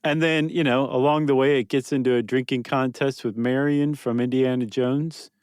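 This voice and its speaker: A man's voice: medium pitch, fairly even intonation, normal speed, darkish tone, clean tone, no echo. Wry man explaining in a dry studio. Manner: wry explainer, teasing his co-host. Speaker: podcast co-host. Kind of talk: casual chat.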